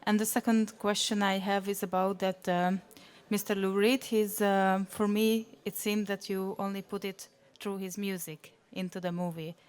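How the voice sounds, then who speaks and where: A woman in the audience asks a halting question in a flat, level voice. She pauses often and fills the gaps with hesitations. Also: medium pitch, smooth. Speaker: audience member asking a question.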